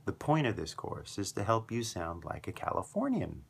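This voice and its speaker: Deep, gravelly man teaching English. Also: huge pitch swings, normal speed. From foreigner living in Japan. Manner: upbeat, emphatic, repetitive build-ups. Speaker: English teacher and podcast host. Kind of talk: scripted podcast lesson.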